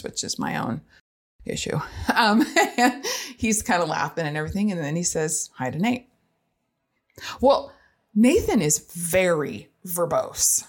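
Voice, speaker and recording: Candid low-voiced woman telling a story. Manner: frank, expressive, self-deprecating, laughs easily. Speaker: parent sharing experiences.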